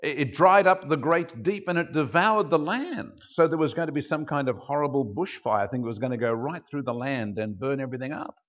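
A man preaching a sermon as pastor, explaining scripture and acting out quoted speech with big jumps in pitch. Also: expressive, a little fast, few pauses, a bit bright. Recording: dull lo-fi sound.

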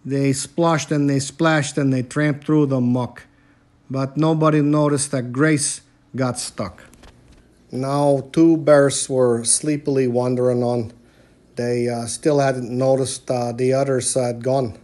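A man reading a children's picture book aloud, halting often with small fillers. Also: mid-range voice, steady tone, darkish tone. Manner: slow and halting, frequent "uh" fillers. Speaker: storybook reader.

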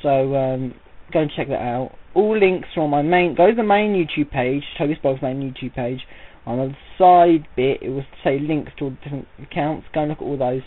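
A man talks straight into a thin, phone-like audio recording, rambling through a farewell vlog with no camera. His voice sits a touch high for a man and he keeps working himself up into an indignant rant. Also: brisk. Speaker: vlogger. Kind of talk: casual audio-only vlog monologue. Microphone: voice recorded without camera.

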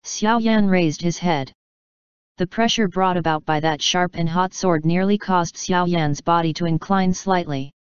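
A woman with a low, exceptionally smooth and clear voice reads a fantasy novel with steady, even pacing. The sound is dry with no room echo, on a somewhat dull, lo-fi recording. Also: unhurried. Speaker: audiobook narrator. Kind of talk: scripted fantasy novel narration.

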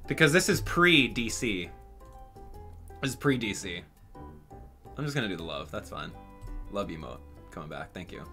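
A man hosting a gaming channel, talking straight to his viewers in an exasperated, animated way during live game commentary. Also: on the low side, moderate pace, long pauses, faint music behind.

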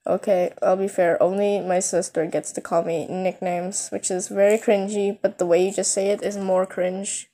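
A woman's voice: medium pitch, flat delivery, normal speed, hardly any pauses, warm tone, natural voice. A woman voicing a blunt, protective young prince in a homemade fan story, talking in a dry, plain way.

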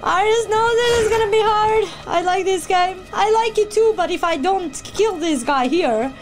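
A woman streaming a game playthrough, yelling and squealing in excited reactions as she plays. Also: very high-pitched, normal speed. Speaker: gameplay streamer. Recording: loud game music behind.

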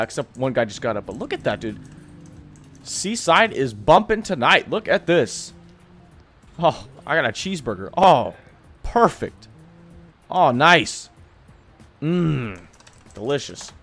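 A man casually commentating his own gameplay in a chatty, excitable way, calling everyone dude. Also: mid-range voice. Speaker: gaming streamer.

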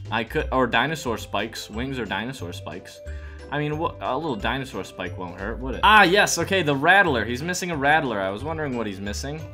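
Bright-voiced man doing gaming commentary. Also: mid-range voice. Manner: animated, jokey, talks to himself while building; yelps and shouts in panic. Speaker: gaming YouTuber. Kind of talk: let's play commentary.

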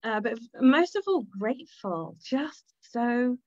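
A woman's voice: a little high, animated, slow pace, darkish tone, no echo. An Irish woman hosting her own book launch on a video call, speaking in a gushing, grateful way and laughing often. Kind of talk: emotional casual talk on a video call. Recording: dull lo-fi video call audio.

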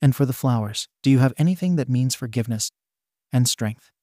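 A man reading as a quiet, reserved teenage boy. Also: mid-range voice, no room sound, clean studio sound, lightly acted. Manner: halting, soft and clipped.

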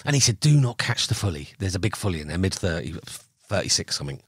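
A man's voice: low voice, very animated, fast talker, breathy edge, no room sound, clean studio sound. A middle-aged man, a podcast guest, telling angling stories casually and acting out the other people in them with laughs. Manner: chatty, acts out quoted dialogue with laughs. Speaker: podcast guest, carp angler. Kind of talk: casual storytelling.

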